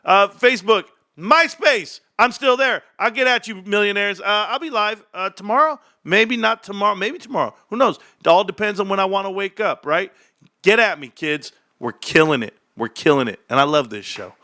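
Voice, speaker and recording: Male livestream host with a high, bright, punchy voice and an excitable, chatty delivery. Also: normal speed. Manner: excitable, gives shout-outs to viewers. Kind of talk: casual livestream chat.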